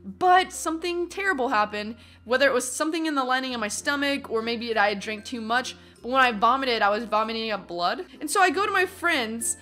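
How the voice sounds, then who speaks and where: A young adult woman telling a story from her teens in a casual vlog, animated and acting out what other people said. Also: fairly high pitch, fairly quick, few pauses. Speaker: vlogger.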